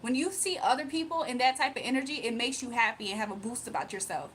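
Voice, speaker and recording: Young woman, high voice, livestream chat, blunt, confrontational. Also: quick pace, a bit bright, slight background noise. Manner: blunt and confrontational, scolding a viewer. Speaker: livestreamer giving spiritual readings. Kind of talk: casual livestream chat, reading comments aloud.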